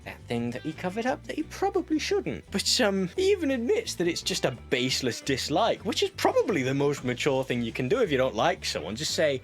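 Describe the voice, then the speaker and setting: Sarcastic British man, lively pitch. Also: fairly quick, hardly any pauses, faint music behind. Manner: sarcastic, wanders off on tangents. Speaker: commentary host. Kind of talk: reaction commentary.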